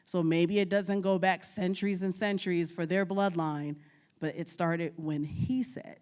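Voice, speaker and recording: A woman from New York talks to an audience as a guest speaker, telling stories from her family research. Her voice sits on the lower side, and she delivers it in an animated way, laughing often and playing out what her relatives said. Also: unhurried. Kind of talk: storytelling presentation. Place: lecture at a state archives building.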